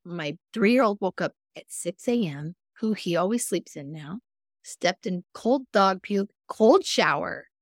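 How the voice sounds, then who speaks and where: A woman guest on a podcast, a mindfulness coach, telling personal stories in a candid, earnest way with sudden jumps in pitch. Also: lively intonation, measured pace, no echo, studio quality. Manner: earnest, self-reflective. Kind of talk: casual interview conversation.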